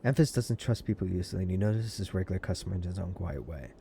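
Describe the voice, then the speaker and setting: Excitable man reading a narrative game aloud. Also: sits low, fast talker, creaky, slight background noise. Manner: excitable, laughs often. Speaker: let's play gamer.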